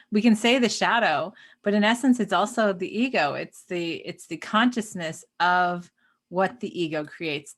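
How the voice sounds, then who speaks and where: Relaxed woman co-hosting a spiritual chat. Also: on the low side. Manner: relaxed, rambling, frequent "right?" and laughs. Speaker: podcast co-host. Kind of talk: spiritual conversation.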